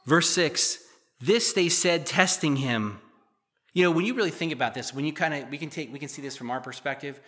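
A man's voice: fairly high pitch, quick pace, hardly any pauses, pushed and bright. A middle-aged man preaching a sermon, reading scripture verses and explaining them with casual, joking asides. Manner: conversational, joking asides between read verses. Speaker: pastor.

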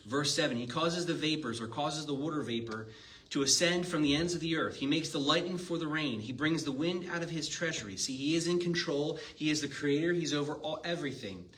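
A man's voice: on the high side, fairly quick, fairly bright tone. Man preaching from a distance. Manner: conversational, asks the congregation questions. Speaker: pastor. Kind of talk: sermon with scripture reading. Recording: distant mic with faint ambience.

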